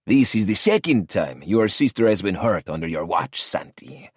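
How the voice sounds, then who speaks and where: A man's voice: fairly low pitch, sing-song, moderate pace, breathy edge, no room sound, clean studio sound. A man voicing a cold, older male cartel boss with a thick Mexican accent and a growling, matter-of-fact delivery. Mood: menacing.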